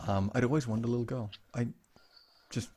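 This podcast co-host has a mid-range voice and speaks fairly quickly, with slight background noise. In casual chat he tells family stories with animation, acting out the voices of the people he quotes.

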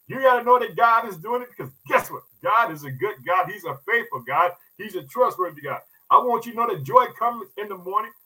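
A man's voice: high-pitched, sharp tone, breathy edge, poor audio. A man preaching a podcast sermon with fervent, folksy energy. He keeps calling his listeners "family" and repeats his points. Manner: casual, folksy speech.

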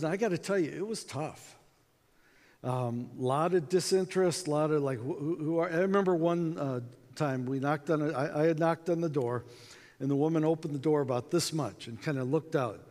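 Speaking at a conference, this man from the United States tells a personal story in a chatty way, voicing the quotes himself and filling his speech with fillers. His pitch sits on the high side, and his tone is a little mellow. Long reverb from an echoey hall colors the audio.

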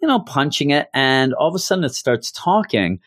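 A man's voice: a little high, sing-song, brisk, a bit bright, dry recording, clean studio sound. A man casually reviewing a comic book, rambling and enthusiastic, often stopping and restarting. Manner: rambling, self-interrupting, enthusiastic.

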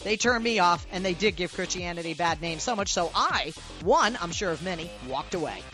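A Boston-accented woman hosts a talk radio show, ranting sarcastically and firing off rhetorical questions. Her voice is bright and swings widely in pitch, and faint music sits under her talk. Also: lively intonation, a little fast. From Boston area. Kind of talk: opinionated talk radio monologue.

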